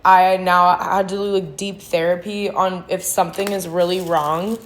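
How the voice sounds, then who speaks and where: Blunt, foul-mouthed woman with a lowish voice. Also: little pitch movement, normal speed, slight background noise. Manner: blunt, heavy swearing, slangy; rambling with restarts and frequent "like". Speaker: vlogger sharing her sobriety testimony. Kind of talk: candid personal storytelling.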